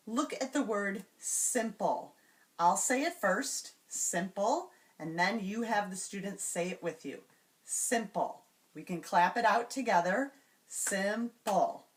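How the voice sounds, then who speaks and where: A woman demonstrating classroom reading routines, sounding out words patiently and slowly. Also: mid-range voice. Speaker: teacher trainer. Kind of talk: instructional demonstration.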